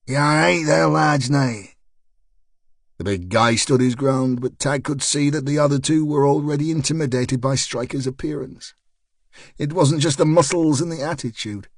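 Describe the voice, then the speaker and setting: Guy reading a crime audiobook, wry measured storytelling, dry close sound. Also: mid-range voice, darkish tone, no echo. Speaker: audiobook narrator. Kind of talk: scripted narration.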